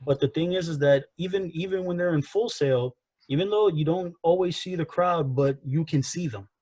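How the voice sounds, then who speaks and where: Podcast co-host, male, slightly high voice, dry close sound, rambling casual wrestling chat. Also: moderate pace, a little mellow, no echo. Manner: rambling, repeats himself, frequent "you know" and "again".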